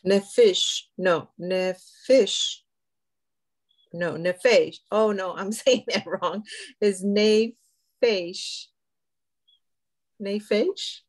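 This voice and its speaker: A woman student speaking over a video call, reading aloud slowly and carefully. Her pitch sits in the middle range.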